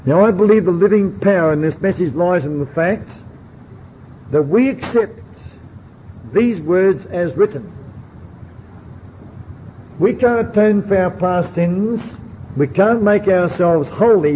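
High-voiced preacher on a dull old tape. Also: male voice, animated, slow pace, pauses often. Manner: earnest, questioning the listeners directly. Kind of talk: sermon. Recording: dull lo-fi recording with faint hiss.

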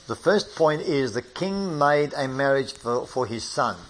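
A man giving a Bible study lecture, reading scripture aloud and putting questions to his listeners in a measured way. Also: medium pitch, lively intonation, low-quality recording. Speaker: Bible teacher.

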